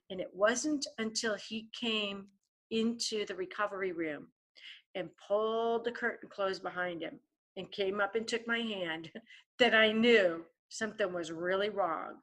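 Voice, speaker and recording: A woman's voice: mid-range voice, measured pace, a bit bright. A woman guest author telling a vivid story in a podcast interview, often turning to the host by name.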